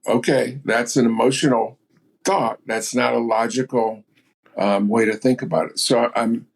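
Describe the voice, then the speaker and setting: A gravelly, medium-pitched man's voice with a breathy edge. He's in his seventies, an entrepreneur appearing as a guest on a podcast interview, and he tells his stories bluntly and matter-of-factly.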